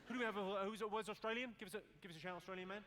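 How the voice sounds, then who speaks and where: A high-voiced man performs stand-up in an arena, dry and cutting and swearing freely. He slips into regional accents as he works the crowd. The recording carries loud noise throughout. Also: rapid-fire. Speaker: stand-up comedian. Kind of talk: stand-up set with crowd work. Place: live comedy arena.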